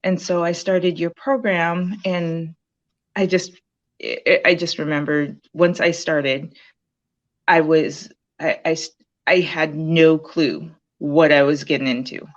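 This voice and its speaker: A woman's voice: sits low, fairly even intonation, slow pace, lo-fi sound. A woman being interviewed about her time in a program, talking casually with lots of fillers and restarts. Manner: rambling, many fillers and restarts. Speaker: program graduate sharing her story.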